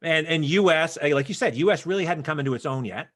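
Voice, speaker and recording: A man's voice: fairly high pitch, fast, a bit bright. A married man from Canada co-hosting a podcast, chatting casually and joking, with many restarts. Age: adult, married. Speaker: podcast co-host.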